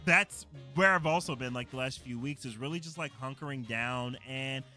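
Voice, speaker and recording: A man chatting casually on a live stream, excitedly rambling with lots of "uh" and "like" fillers. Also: mid-range voice, moderate pace, faint music behind.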